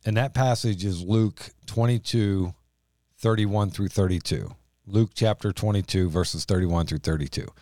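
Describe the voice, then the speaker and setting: A man's voice: sits low, unhurried, mellow, no echo, clean studio sound. A man co-hosting a casual Bible discussion podcast, talking in an emphatic, exhorting way. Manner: emphatic, exhorting, dramatic when reading scripture. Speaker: podcast co-host.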